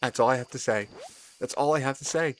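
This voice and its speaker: A young man, excitedly commenting on his gameplay, repeating himself and laughing often. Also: medium pitch, fairly quick, slight background noise. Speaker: streamer.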